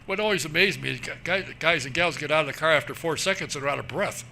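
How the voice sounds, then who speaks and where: A man's voice: fairly high pitch, fast talker, vocal fry, sharp tone, slight background noise. A man hosting a motorsports radio show, interviewing a guest and paying him compliments. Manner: complimentary, leading questions.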